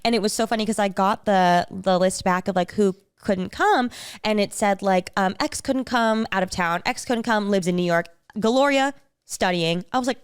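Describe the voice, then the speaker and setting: A woman's voice: normal speed, clear, resonant tone, no room sound, studio quality. A young woman co-hosting a podcast, telling gushing stories in casual chat and acting out the voices of the people she quotes. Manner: gushing storyteller, acts out quoted voices with big pitch jumps. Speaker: podcast co-host.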